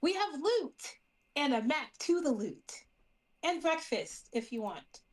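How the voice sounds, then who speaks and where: A woman voicing a tiny, eager, scatterbrained female adventurer in a tabletop game, talking brightly and calling out loudly. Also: sits high, big pitch swings, takes it slowly, voice pushed up, exaggerated voice. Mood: cheerful.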